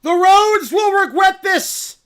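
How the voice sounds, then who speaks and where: Tiny cartoon bear, high-pitched, yelling holy nonsense, big swoops. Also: male voice, expressive, slow, exaggerated voice. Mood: indignant. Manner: shrill, wildly enthusiastic proclamations. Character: excitable little male bear, pizza-church zealot.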